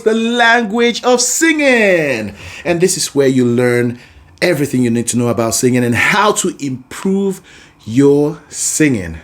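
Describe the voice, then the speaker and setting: Man, vocal coach, singing lesson, slow and deliberate, lightly high voice, animated. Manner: animated, explains patiently with asides. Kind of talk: singing lesson with sung demonstrations.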